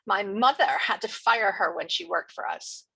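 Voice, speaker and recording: A woman's voice: medium pitch, lively intonation, moderate pace, sharp tone, husky, rough recording. A woman reading as a sneering teenage bully girl. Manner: snarling, sneering.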